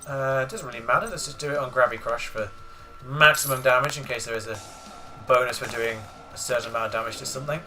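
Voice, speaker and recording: A man talks casually through a card game, rambling as he explains the rules. His voice has a bright, forceful tone at an ordinary pitch. Quiet game music plays in the background. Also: fast talker. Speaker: let's play gamer. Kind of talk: casual gameplay commentary.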